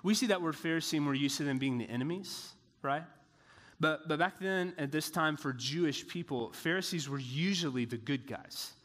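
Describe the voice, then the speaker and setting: A man's voice: a little high, normal speed, fairly bright tone, in a large hall. A man preaching a casual Bible lesson, talking in a loose, joking way with lots of filler words. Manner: chatty, joking asides with many "like" fillers.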